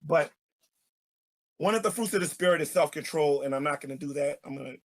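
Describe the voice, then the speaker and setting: A man's voice: a little high, rapid-fire. A man, a street evangelist, delivering an angry ranting video monologue, repeating himself and stammering as he goes.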